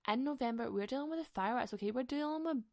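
A woman's voice: high-pitched, racing, vocal fry, a little mellow, no echo, studio quality. A young woman hosting a podcast, telling stories in a sweary, chatty way and laughing often. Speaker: podcast host. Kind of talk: casual storytelling chat.

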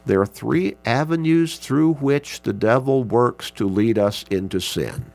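A man teaching a Bible class, speaking in a slow, measured way and reading scripture passages aloud with emphasis. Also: mid-range voice, gravelly, a little mellow. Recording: mains hum in background.

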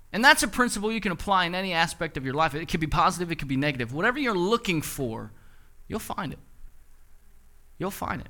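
A man's voice: a little high, pushed and bright. A young man in his twenties, a pastor preaching a sermon and telling a story with quoted dialogue. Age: 20s.

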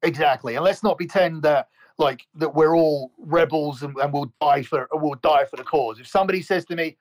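A male podcast co-host with a higher-than-average voice speaks at a normal speed. He launches into an angry, foul-mouthed rant, often repeating himself.

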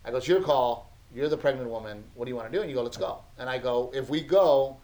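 A man's voice: mid-range voice, fast talker, warm tone, poor audio. A man in his thirties, a podcast co-host, telling family stories in a casual chat, laughing often and acting out his son's lines.

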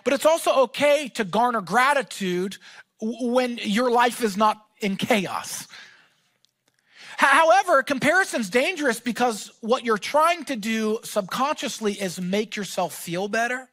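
A man preaching a sermon as pastor, talking in a casual, animated way that rises to shouts. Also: very high-pitched, unhurried, dry recording.

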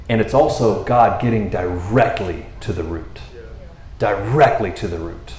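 A man preaching in a casual, animated way, acting out the characters in the passage and laughing as he talks. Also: a little slow, echoey room. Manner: animated, acts out characters with jumps in pitch, laughs often. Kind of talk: casual sermon.

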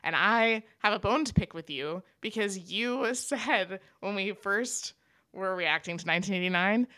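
A woman's voice: medium pitch, a little slow, dry recording, clean studio sound. A young woman co-hosting a podcast, chatting casually and enthusiastically as a fan. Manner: enthusiastic, expressive fan talk. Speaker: podcast co-host. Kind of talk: casual chat.

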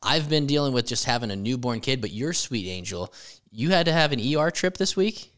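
A man's voice: medium pitch, expressive, a little fast, fairly bright tone. A young man co-hosting a casual podcast chat, swearing freely and laughing through his banter. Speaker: podcast co-host.

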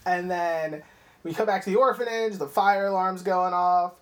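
A woman's voice: fairly low pitch, moderate pace. Young woman casually recapping a film. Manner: animated retelling, swearing, acting out lines. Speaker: podcast co-host.

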